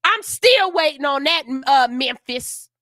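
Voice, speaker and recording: A woman's voice: sits high, animated, measured pace, sharp tone, no room sound, studio quality. A woman hosting a morning radio show, ranting in outrage with profanity, then reading news stories aloud. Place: radio studio.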